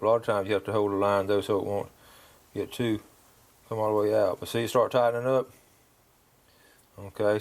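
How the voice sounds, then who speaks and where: A man's voice: lowish voice, darkish tone. A man hosting a local fishing show, chatting and demonstrating step by step in a folksy way, often ending sentences with "okay?". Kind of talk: casual how-to demonstration and chat.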